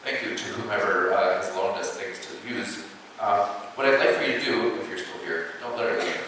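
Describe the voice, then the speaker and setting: A man's voice: fairly low pitch, fairly quick, noisy background. A man from Colorado working as a stage mentalist, giving live stage patter with wry jokes to the audience. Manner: wry, joking asides to the audience. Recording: echoey hall from far off.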